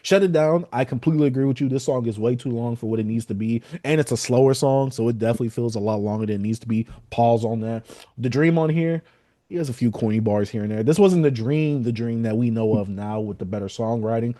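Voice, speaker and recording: A man's voice: mid-range voice, fast talker, no room sound, clean studio sound. Man casually reviewing an album. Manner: animated, quotes lyrics and acts out reactions. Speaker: podcast co-host.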